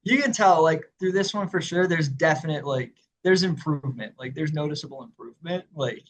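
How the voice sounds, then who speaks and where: On a rough recording with a little hiss or hum, a young podcast co-host talks fairly quickly in a slightly high voice. The chat is a casual music review, and he stays relaxed, laughs a lot and leans heavily on "like."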